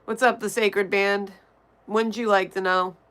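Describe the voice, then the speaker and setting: A woman on a livestream works through her chat, reading messages out and answering them in a blunt, offhand way. Her voice is smooth and clean, sitting in a middle register. She pauses now and then to vape between remarks. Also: medium pitch, steady tone, fairly bright tone. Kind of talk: casual chat reading viewer comments.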